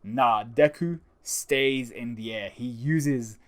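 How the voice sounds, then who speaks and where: In a casual, chatty manga chapter review, a man with a mid-range voice takes it slowly. He gets excited and often restarts his sentences.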